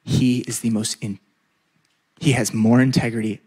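A man's voice: mid-range voice, fairly even intonation, a little mellow, slightly rough. Emphatic male pastor preaching. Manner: emphatic, drawn-out repetitions, leads call-and-response. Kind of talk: sermon.

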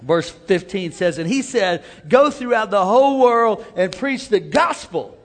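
A man's voice: sits high, lively intonation, a little slow. A man preaching a sermon, mixing call-and-response cries with casual asides. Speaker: pastor. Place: church sanctuary. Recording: long hall reverb.

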